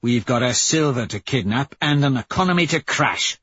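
A man voicing a brash, wild young male rebel leader who talks loud and excitable. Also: medium pitch, normal speed, husky, no room sound, muffled recording. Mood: gleeful.

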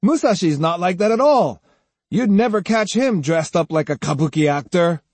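A man's voice: a little high, very animated, normal speed, warm tone, husky, no echo, pitched above the performer's own voice. A man doing a blunt young boy pupil. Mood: disdainful. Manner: blunt, proud, plain-spoken. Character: earnest loyal young boy, sword pupil.

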